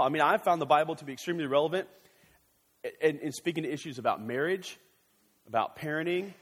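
A male pastor preaching a sermon in a church, animated and joking, with quick excited bursts. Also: on the high side, in a large hall.

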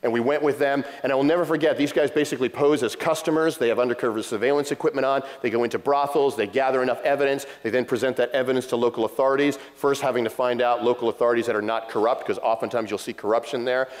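A man's voice: mid-range voice, fairly even intonation, quick pace, hardly any pauses. A middle-aged man preaching a sermon, telling a story with passion and acting out what people said. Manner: impassioned storytelling, acting out quotes. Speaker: pastor. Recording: long hall reverb.

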